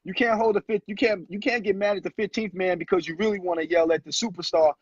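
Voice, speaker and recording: Casting note: animated male storyteller, high voice, dry lo-fi sound. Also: fast talker, no room sound. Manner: animated storyteller who acts out quotes. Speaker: guest, former pro basketball player. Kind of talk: casual storytelling interview. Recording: muffled lo-fi audio, husky.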